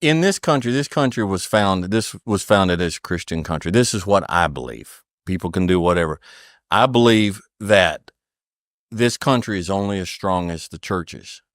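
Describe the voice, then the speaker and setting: A man's voice: low-pitched, expressive, moderate pace, no echo, clean studio sound. A middle-aged man talking about family and faith, giving advice in an earnest, preaching way and repeating phrases for emphasis. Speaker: podcast guest. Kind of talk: conversational storytelling and advice.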